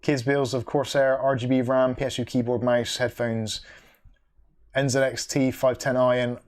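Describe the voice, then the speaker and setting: Male streamer, mid-pitched, casual and chatty, reads chat and hums between comments. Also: level tone, normal speed. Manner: reads viewer comments aloud, then reacts with dry asides. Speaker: livestream host reading viewer chat.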